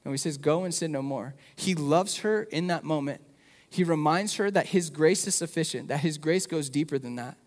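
A man's voice: on the high side, normal speed, long reverb tail. A man preaching a sermon and leading a prayer, speaking with passion and often repeating words as he builds up emphasis. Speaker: pastor. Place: church.

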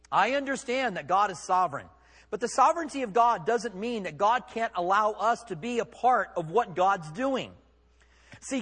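A man's voice: high voice, a bit bright, breathy edge, long reverb tail. A man preaching a sermon as pastor, conversational and emphatic, with rhetorical questions.

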